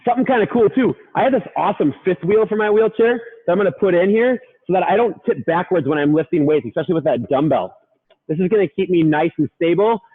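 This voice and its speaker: A man coaching a workout, upbeat, counting reps and urging listeners on, sometimes out of breath. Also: a little high. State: out of breath at times. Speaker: fitness coach. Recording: tinny phone-like sound.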